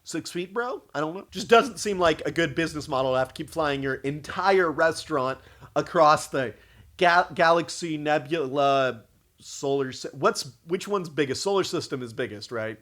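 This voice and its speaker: A young man giving sarcastic comedic commentary on a cheap animated movie. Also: fairly high pitch, normal speed. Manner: sarcastic, mocking. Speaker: youtuber reviewing a movie.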